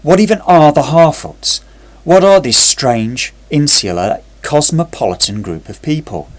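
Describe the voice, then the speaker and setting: A man's voice: on the high side, lively intonation, measured pace. A man narrating a scripted TV review in a sarcastic, critical way.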